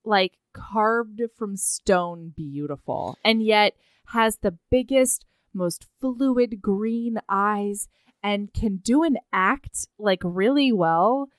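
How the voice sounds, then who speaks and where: A woman co-hosting a casual chat, playful and gushing, with quick reactions. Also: medium pitch, dry recording.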